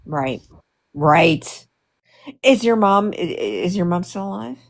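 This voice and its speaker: A woman's voice: lowish voice, animated, slow. A woman guest on a live stream, speaking in a soothing, sympathetic way. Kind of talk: casual chat.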